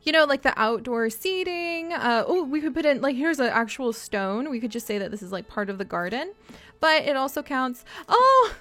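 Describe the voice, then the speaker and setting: A young woman with a high, bright-pitched voice chats excitedly through a live gameplay stream. She gushes thanks at her viewers in a bubbly, excitable way. Faint game music plays quietly behind her. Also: normal speed.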